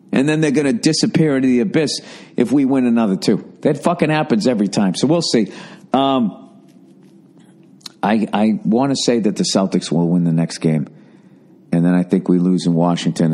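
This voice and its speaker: A middle-aged man, hosting a podcast in a casual, profane, exasperated rant that mocks fans in squeaky voices. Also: mellow. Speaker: podcast host. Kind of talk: casual ranting monologue.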